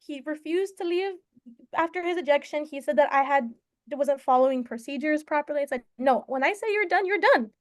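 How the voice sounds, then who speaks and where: A woman's voice: high voice, fairly quick. A young woman umpire being interviewed, speaking plainly and earnestly about her experiences. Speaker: umpire guest. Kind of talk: casual interview talk.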